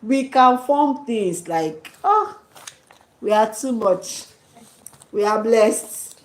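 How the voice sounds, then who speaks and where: A woman's voice: fairly high pitch, lively intonation, takes it slowly, a little mellow, echoey room, rough recording. A Nigerian woman vlogger chatting casually, laughing often and dropping into Pidgin slang. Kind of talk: casual chat.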